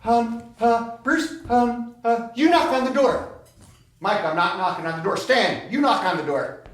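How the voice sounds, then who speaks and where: A man's voice: extremely high pitch, animated, unhurried. A man performing a solo comedy storytelling monologue on a small theater stage. He talks in a chatty, digressive, self-mocking way with dry comic asides. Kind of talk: live stand-up storytelling monologue. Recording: echoey theater, far from the mic, noisy.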